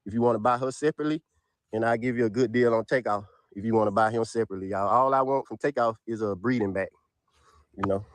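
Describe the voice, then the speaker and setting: A man, casually pitching his dogs for sale to viewers outdoors in his yard, peppering his talk with "y'all". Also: fast talker, no echo. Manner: drawls "y'all" constantly, Southern US dialect. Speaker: dog breeder selling dogs.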